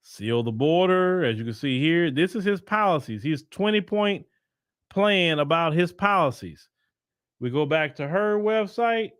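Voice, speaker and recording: A man's voice: fairly high pitch, expressive, unhurried, clear, resonant tone, no room sound, clean studio sound. A man hosting a solo political commentary show, talking emphatically and firing off repeated rhetorical questions, with sarcastic asides while browsing websites on screen.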